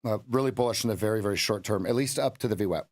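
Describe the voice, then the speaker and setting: A man's voice: lowish voice, rapid-fire. A man coaching a live day-trading stream, swearing and laughing at his own losses.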